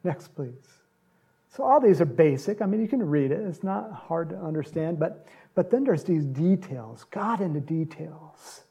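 A man preaching a sermon, retelling a gospel story with animated storytelling and acted-out lines. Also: a little high, creaky, breathy edge. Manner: animated storytelling, acts out quotes, laughs often.

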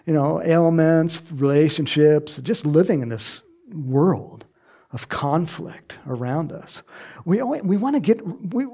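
Male pastor, animated sermon delivery, a little high, raspy edge. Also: a little slow. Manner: animated, acts out voices, laughs often.

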